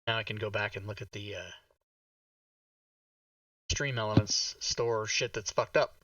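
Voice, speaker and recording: A man's voice: on the low side, steady tone, measured pace, pushed and bright, dry recording, far from the mic. A man hosting a live tabletop game stream, talking to himself while fixing his setup and swearing under his breath. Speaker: game master. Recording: dull lo-fi mic, slightly off-mic.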